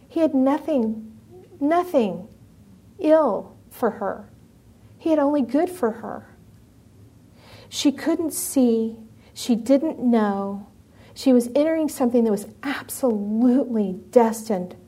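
A middle-aged woman with a somewhat high voice preaches before a live audience. She animatedly shares a personal story and puts questions to the room.

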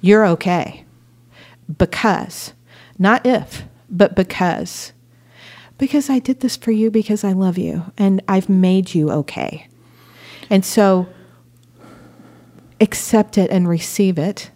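A woman talks about faith in a lively, storytelling way, her pitch sitting in an ordinary middle range. She tells her stories with energy and laughter. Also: slow pace, pauses often. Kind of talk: faith-based conversation.

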